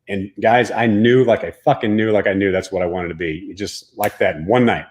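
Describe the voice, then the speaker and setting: A man's voice: fairly low pitch, steady tone, a little fast, a little mellow. A man from the Dallas-Fort Worth area of Texas, a former pro baseball player, telling a personal story as a guest in a casual, profane, emphatic way.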